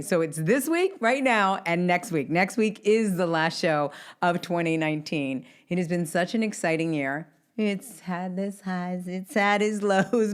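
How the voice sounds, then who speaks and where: A woman's voice: on the low side, smooth. A middle-aged woman hosting her own podcast, talking upbeat and chatty straight to her listeners. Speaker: podcast host. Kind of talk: casual solo podcast intro.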